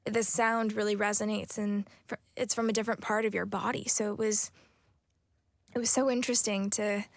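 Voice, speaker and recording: A young American woman in her twenties, an actress answering interview questions in a soft, thoughtful way with many pauses and restarts. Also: mid-range voice, little pitch movement, vocal fry, no room sound, clean studio sound. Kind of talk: casual interview chat.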